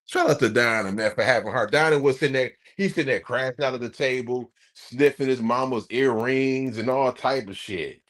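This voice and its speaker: A man streaming, ranting casually to his live chat in an animated, profane way. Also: medium pitch, normal speed, hardly any pauses, dry recording, clean studio sound.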